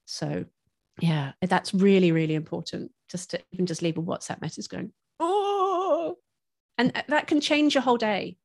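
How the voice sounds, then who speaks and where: A woman's voice: lowish voice, brisk, creaky, dry recording, studio quality. Chatty woman guest on a parenting podcast. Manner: chatty, expressive, laughs often. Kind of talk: casual conversational interview.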